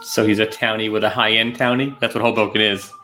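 A man's voice: lowish voice, flat delivery, quick pace, pushed and bright, faint music behind. A middle-aged man co-hosting a casual podcast chat, blunt and teasing, full of wisecracks. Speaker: podcast co-host.

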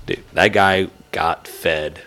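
A man's voice: deep voice, steady tone, slow, creaky, sharp tone. A man hosting a podcast, telling stories in a laid-back, casual way. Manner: laid-back, storytelling, says dude. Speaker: podcast host. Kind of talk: casual chat.

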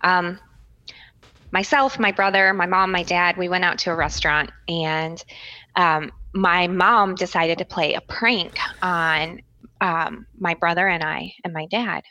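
A woman's voice: fairly low pitch, steady tone, a little slow, bright, forceful tone, dull audio. A woman co-hosting a podcast, recalling a childhood memory in casual chat. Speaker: podcast co-host.

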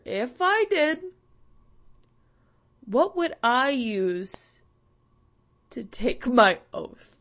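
A woman's voice: mid-range voice, fairly bright tone. A woman hosting a vlog, ranting casually in a rambling, profane, self-mocking way with many fillers. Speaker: vlog host.

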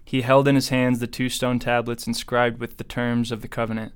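A man reading scripture aloud as a Bible reader, in a steady, even way. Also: mid-range voice, brisk, clear, resonant tone.

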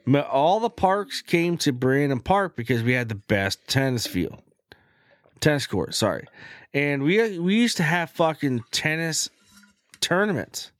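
Animated, laughing middle-aged man. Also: a little high, a little slow, no echo, clean studio sound. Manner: animated, swears often, laughs a lot. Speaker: chat partner. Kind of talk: casual chat.

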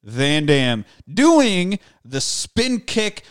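A man's voice: high-pitched, very animated, drawn-out words, dry recording, studio quality. A man co-hosting a casual movie podcast, joking and cursing as he rambles through a film. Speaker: podcast co-host.

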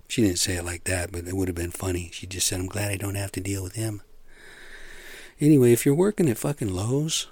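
A man's voice: fairly low pitch, slightly rough, no echo. A man giving a rambling, blunt rant full of swearing, talking casually about his day and whatever crosses his mind.

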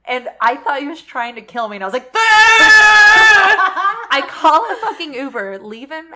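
A young woman telling a story in casual chat, animated and swearing freely. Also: high voice, a little fast, noisy background.

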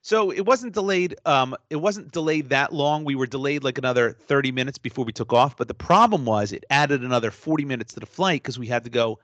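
A man co-hosting a podcast, telling a story in an animated, exasperated rant with some swearing. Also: medium pitch, brisk, hardly any pauses, dry recording, muffled recording. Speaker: podcast co-host. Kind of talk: casual storytelling chat.

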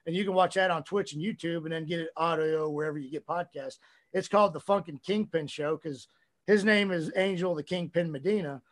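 A man with a high voice rambles through a casual podcast chat. He swears freely, telling stories loosely and with energy. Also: a little fast. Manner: profane, rambling, animated storytelling. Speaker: podcast guest, wrestler.

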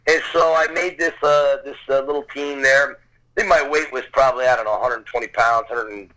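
A man recounts a childhood story in an earnest, conversational way, voicing the people he quotes as he goes. His voice is bright and forceful. The sound is thin, like a phone line or radio broadcast. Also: mid-range voice, fairly even intonation, fairly quick. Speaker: storyteller guest. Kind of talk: personal anecdote, casual storytelling.

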